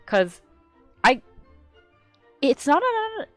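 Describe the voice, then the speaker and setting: A woman chatting casually on a live stream, rambling and excitable, swearing freely and getting loud when worked up. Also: high voice, drawn-out words, soft background music. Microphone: desk microphone she adjusts.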